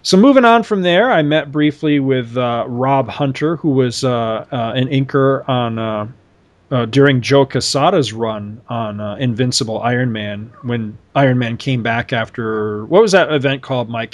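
A man's voice: medium pitch, moderate pace. A man co-hosting a podcast in casual chat, rambling through stories with lots of fillers and asides. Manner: rambling, animated storytelling with many fillers. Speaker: podcast co-host.

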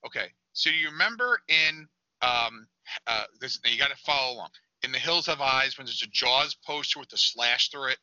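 A man with a very bright, forward voice launches into animated anecdotes and tangents in casual podcast chat. The sound is dry and close, with a dull lo-fi tone. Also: medium pitch, normal speed, no room sound. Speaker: podcast co-host. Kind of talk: casual film discussion.

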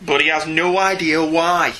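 A man co-hosting a casual comics podcast, animated and often laughing, with quick asides. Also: fairly high pitch. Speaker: podcast co-host. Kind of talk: casual chat about comics.

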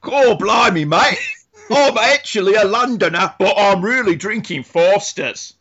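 A man's voice: fairly high pitch, brisk, background noise, natural voice. Field: man putting on a fake Aussie bloke. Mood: mocking. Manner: broad jokey put-on accent. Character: boorish fake Australian bloke, slipping into Cockney. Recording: slightly muffled lo-fi audio.

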